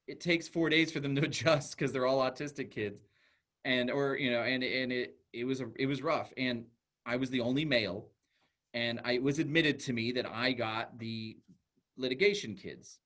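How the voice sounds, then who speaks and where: A man giving a talk as a school psychologist, telling a classroom story in an earnest way with halting restarts. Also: mid-range voice, a bit bright. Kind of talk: storytelling presentation.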